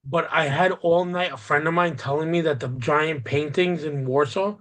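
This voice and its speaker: A man's voice: a little high, moderate pace, fairly bright tone. A man co-hosting a podcast, chatting in a loose, rambling way. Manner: loose rambling talk with many fillers. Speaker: podcast co-host. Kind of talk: casual chat.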